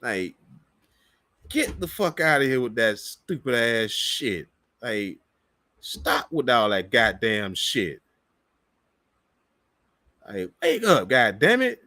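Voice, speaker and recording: A man's voice: mid-range voice, big pitch swings, slow, long pauses, bright, forceful tone, no room sound, studio quality. A man hosting a political reaction show, ranting with heavy profanity and scornful laughs. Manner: heated, swearing, laughing scornfully. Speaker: political commentary host.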